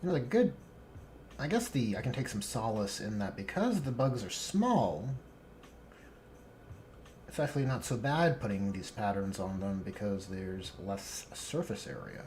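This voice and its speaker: A man hosting a relaxed live stream, painting miniatures and chatting with viewers in a dry, joking way. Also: lowish voice, unhurried, slight background noise. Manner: laid-back, dry joking, reads chat aloud.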